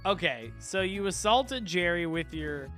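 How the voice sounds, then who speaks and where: Man, game master, high voice, comedic tabletop narration, deadpan, faint music behind. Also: unhurried.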